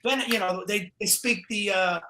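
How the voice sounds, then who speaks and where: A man with a New Jersey accent, telling animated stories in a casual podcast chat and swearing freely. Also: sits high, normal speed, echoey room. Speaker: guest comedian.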